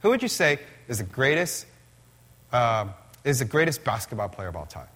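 A male pastor preaches a sermon in a church, animated and conversational, frequently turning to the congregation with questions. His voice is medium in pitch with a breathy edge, and he keeps a moderate pace.

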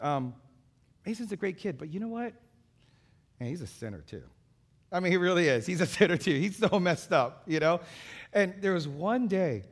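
Male pastor, 30s to 40s, slightly high gravelly voice, conversational sermon with fillers and repeats.

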